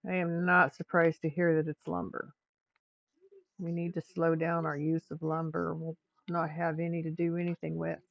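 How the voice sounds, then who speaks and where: A woman's voice: low-pitched, little pitch movement, moderate pace, vocal fry, no room sound. An older woman hosting a casual crafting livestream at home. She chats with her viewers and her pets as she works. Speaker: livestream host. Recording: dull lo-fi stream audio.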